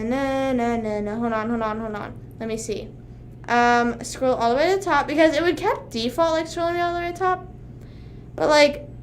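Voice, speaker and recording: A woman in her twenties chatting casually on a livestream, rambling and animated, with frequent swearing. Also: high voice, slight background noise. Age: 20s. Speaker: streamer.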